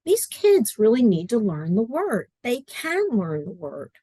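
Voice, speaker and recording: A woman's voice: on the high side, wildly swooping pitch, a little slow, warm tone, breathy edge, no room sound. A middle-aged woman talking casually as an interview guest on a video call from home, earnest and chatty, acting out her own quotes. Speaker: guest, adaptive curriculum writer. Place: at home in a study.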